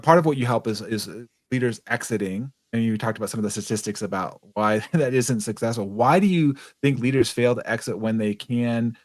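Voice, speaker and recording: A male podcast host talks through a business interview in a loose, encouraging way, often doubling back mid-sentence. His voice sits at a middle pitch and sounds close and dry, with no room around it. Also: dry recording. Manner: affirming, rambling with restarts. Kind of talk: casual interview chat.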